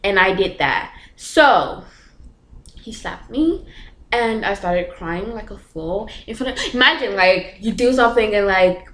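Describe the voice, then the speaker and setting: A young woman tells a personal story to her camera in a loose, chatty storytime style. She keeps her pitch mid-range and fills her talk with fillers and nervous laughs. Her voice bounces around a small, echoey room. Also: expressive, a little slow, a bit bright. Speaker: vlogger. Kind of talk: casual storytime.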